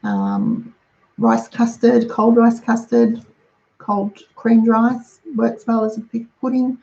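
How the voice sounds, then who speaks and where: A middle-aged woman talks through household tips in a relaxed, practical way, listing items one after another. Her voice has a gravelly fry. The recording sounds dull and lo-fi. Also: on the high side, slow. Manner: chatty, practical, runs through lists. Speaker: host giving lunchbox tips. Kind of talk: casual how-to talk.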